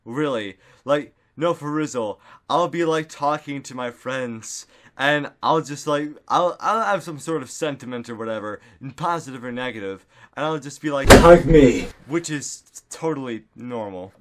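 A man talking straight into a desktop microphone at home, his voice sitting in an everyday middle register. He rambles in a goofy, meandering way, piling up fillers and breaking into silly shouts. It sounds like a loose, casual solo vlog. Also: medium pitch, lively intonation, moderate pace. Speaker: vlogger. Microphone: desktop studio microphone.

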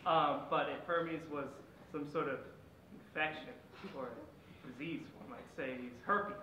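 A man improvising puns on stage, with halting fillers between them. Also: a little high, fairly even intonation. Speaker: improv performer. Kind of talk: live improv pun game. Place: performance room with a live audience. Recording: echoey room with background noise.

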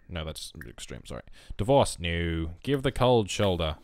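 A deep, sing-song voice carries this young gameplay commentator at a moderate pace with few pauses, over faint background music. During his casual let's-play of a life-sim game, he addresses his characters and pokes fun at himself.

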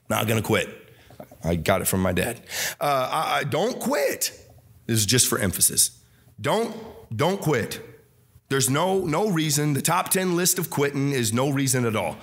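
A young man preaching a sermon as pastor, fervent and repetitive, swinging between shouts and quiet drops. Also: mid-range voice. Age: young adult.

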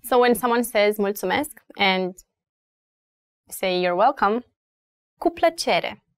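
A Romanian woman with a Romanian accent, teaching travel phrases slowly and repeating each one for learners. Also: medium pitch, animated, dry recording, studio quality. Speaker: language teacher. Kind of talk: language lesson.

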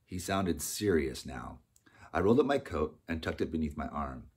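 A man narrating an audiobook in a steady storytelling manner. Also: very deep voice, moderate pace, breathy edge. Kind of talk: scripted narration.

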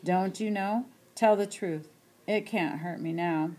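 A proud old grandmother, put on by a woman reading aloud, talks in plain rural dialect. Her voice rises above a low reading tone and presses every point. It is a stubborn, insistent storybook grandmother. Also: slow pace, darkish tone.

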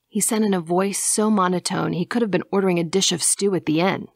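Woman reading an audiobook, slow and measured, dry close sound, gravelly low tone. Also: steady tone, no echo. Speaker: audiobook narrator. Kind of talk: scripted narration.

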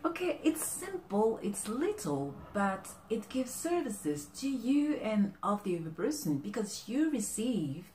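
A woman talking casually to camera with relationship advice, animated and halting, often restarting her sentences. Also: fairly high pitch, roomy sound, slight background noise. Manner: animated, often acting out quoted exchanges. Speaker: vlogger giving relationship advice.

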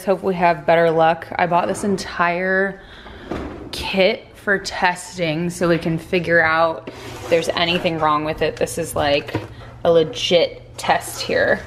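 A young woman chatting casually to her camera in a vlog, slangy and quick with asides. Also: lowish voice, slight background noise. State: out of breath after a workout. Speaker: vlogger.

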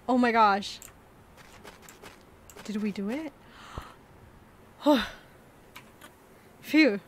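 A woman casually commenting on a game playthrough, excitable and giggly, gushing with exclamations. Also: a little high, very slow, pauses often. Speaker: gaming channel host.

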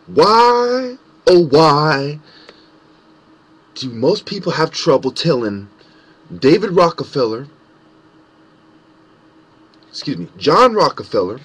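Husky man in a profane sarcastic rant. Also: a little high, big pitch swings, slow, long pauses. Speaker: conspiracy commentator. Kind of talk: angry ranting monologue.

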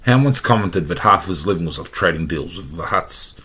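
A cocky, flirty male space smuggler from a storybook, read by a man with an Australian accent. He teases and swaggers in a low, husky voice with a forceful edge. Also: lively intonation, fairly quick, full character voice. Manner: swaggering, teasing.

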